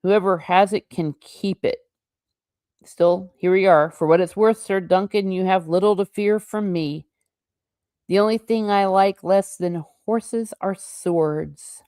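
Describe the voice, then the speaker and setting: A woman's voice: mid-range voice, a little slow, a little mellow, no room sound, natural voice. A woman voicing an idle young prince who drinks, speaking sourly and with dry self-mockery. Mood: wry. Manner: sour, dry, self-mocking. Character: idle drunken young prince, sour and wry.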